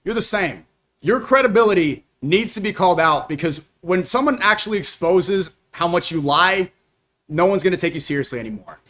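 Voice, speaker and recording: Young man, high voice, live streamer, heated reaction commentary, combative, accusatory. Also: animated, fairly bright tone. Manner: combative, accusatory, rapid-fire rebuttals.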